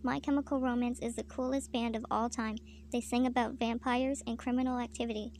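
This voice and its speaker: A bratty emo girl snaps bluntly in a gravelly, fried voice, as a woman reads her. The delivery is flat. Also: a little high, fairly quick, a little hiss or hum, close to an everyday voice. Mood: snippy.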